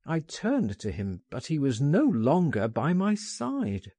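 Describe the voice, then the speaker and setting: A male narrator reads a first-person story in a slow, measured way, his voice husky and mellow. His pitch moves a lot as he coaxes and persuades, and the recording is dry and close. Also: huge pitch swings, dry recording. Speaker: audiobook narrator.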